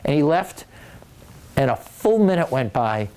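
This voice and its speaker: A man, an author, giving a casual, animated storytelling talk to an audience in a library, joking as he goes. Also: a little high, measured pace, clean tone. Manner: animated, joking, acts out quoted voices. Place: public library meeting room.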